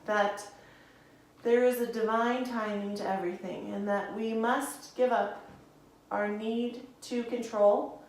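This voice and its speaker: With a medium-pitched voice, a young woman teaches a guided yoga class, soothing and encouraging her listeners, whom she calls friends. The recording is distant and echoey.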